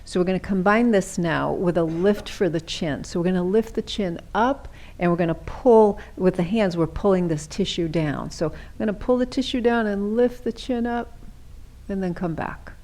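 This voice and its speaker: A middle-aged woman leading a seated yoga class, giving gentle, chatty cues and often checking in with "right?". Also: on the low side, moderate pace. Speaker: chair yoga instructor.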